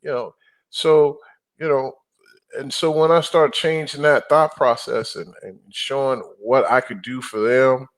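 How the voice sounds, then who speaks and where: A middle-aged man chatting as an interview guest, his voice at an ordinary middle pitch. He tells stories with lots of energy, acting out quotes and throwing in growls to make a point. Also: unhurried. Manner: animated storyteller, growls and acts out quotes. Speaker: guest, apartment investor. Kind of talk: casual interview talk.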